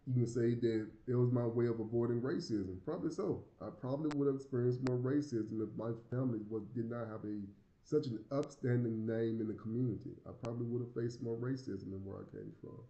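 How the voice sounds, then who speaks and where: A Southern American man with a lisp, talking to camera in a loose, rambling way and tripping over repeated words. His voice is very dark and mellow. It sounds roomy and a little muffled, like a home setup with echo. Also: mid-range voice, a little fast. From United States. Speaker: vlogger living abroad. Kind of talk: casual talk to camera.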